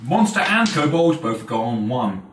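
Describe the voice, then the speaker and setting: A man's voice: mid-range voice, big pitch swings. A man runs a tabletop session as game master. He jokes and swears as he works through rolls and rules. His voice is picked up from a distance in an echoey room with faint background noise. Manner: joking, swears freely, quick rules asides. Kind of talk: running a tabletop game, casual and profane.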